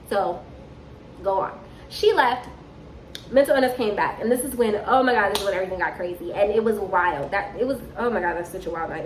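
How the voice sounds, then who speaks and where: Young woman, casual storytime vlog, fairly high voice, animated retelling, roomy echo, faint hum. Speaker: storytime vlogger.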